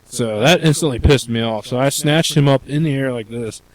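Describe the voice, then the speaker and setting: A young man telling rowdy stories as a podcast co-host, animated and profane, acting out the other people's voices. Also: medium pitch, moderate pace, rough recording. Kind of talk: casual storytelling.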